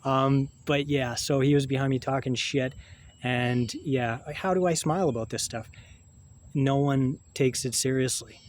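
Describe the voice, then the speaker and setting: Man, middle-pitched, halting vlog monologue, restarts and profanity, faint background noise. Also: darkish tone. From Canada. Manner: halting, rambling, with frequent swearing and restarts. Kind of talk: rambling monologue to camera.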